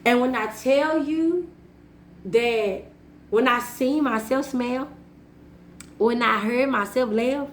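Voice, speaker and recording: Woman vlogging, slow and earnest, repeats herself a lot, kinda high voice, roomy echo. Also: a little hiss or hum. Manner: earnest, repetitive phrasing, laughs at herself. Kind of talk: personal reflective monologue. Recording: echoey room.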